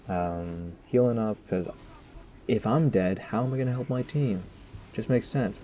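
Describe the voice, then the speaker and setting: Self-mocking man with a low, mellow voice. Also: slight background noise. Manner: rambling, self-mocking, joking asides to viewers. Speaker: gaming commentator. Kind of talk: casual post-game commentary.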